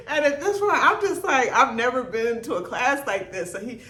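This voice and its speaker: Woman vlogger, higher voice, animated casual storytelling, roomy echo. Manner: animated, laughing, acts out quotes. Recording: echoey room.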